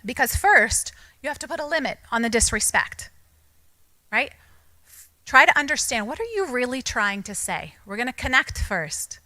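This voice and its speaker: Bright-voiced woman speaker. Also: fairly high pitch, animated, normal speed, dry recording, rough recording. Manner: code-switching, acts out children's quotes. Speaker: speaker at a church parenting talk. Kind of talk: talk to parents.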